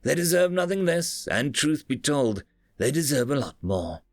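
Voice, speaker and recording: A blunt starship captain barks firm, clipped orders, as a male narrator puts him on. The voice sits a little higher and punchier than plain narration and swings up and down with emphasis. The sound is dry and close, with faint music underneath. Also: very animated, normal speed, dry recording.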